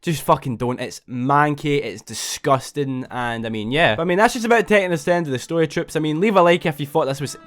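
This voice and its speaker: A man's voice: a little high, quick pace, hardly any pauses. A young man tells a story casually to camera. He rambles, swears constantly, and tags his sentences with "right?". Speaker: vlogger.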